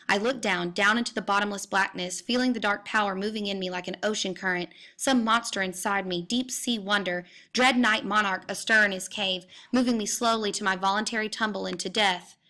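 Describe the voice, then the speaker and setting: A woman reading a literary novel aloud in the first person, intense and dramatic, at times dropping to hushed tones. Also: mid-range voice. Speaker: audiobook reader.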